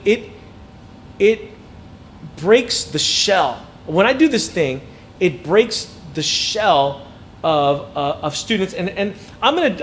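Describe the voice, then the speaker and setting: A man giving an inspirational talk to teachers, animated and acting out students' voices. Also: high voice, a little hiss or hum. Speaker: inspirational speaker.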